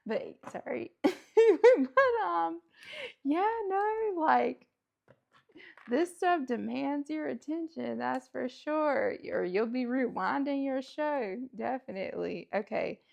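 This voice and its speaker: Slow, gravelly-voiced woman chatting. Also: high voice, expressive. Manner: chatty, rambling, lots of fillers and self-talk; laughs often. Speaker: host. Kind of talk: casual chat while building a toy kit. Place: at home.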